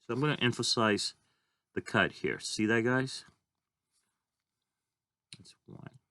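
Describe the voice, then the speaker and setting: A man's voice: medium pitch, slow, pushed and bright, dry recording. A man teaching a drawing lesson, talking casually and thinking aloud as he draws. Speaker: art teacher.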